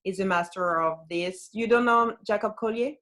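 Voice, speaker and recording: A woman with a French accent, a non-native English speaker, chatting as a guest musician over a video call. She talks haltingly, restarts often and searches for her words. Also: lowish voice, fairly bright tone. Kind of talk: casual interview chat.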